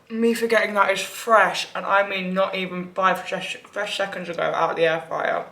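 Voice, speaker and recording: A woman's voice: mid-range voice, fairly even intonation, normal speed, creaky, bright, forceful tone. A young woman vlogging casually, chatty and gushing, with lots of "like". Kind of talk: casual vlog chat.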